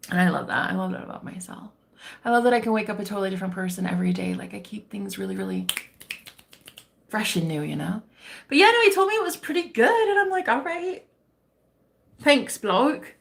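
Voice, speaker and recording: An American woman hosts a livestream, chatting playfully in a put-on English accent as she rambles and jokes. Her mid-range voice has vocal fry and a fairly bright tone.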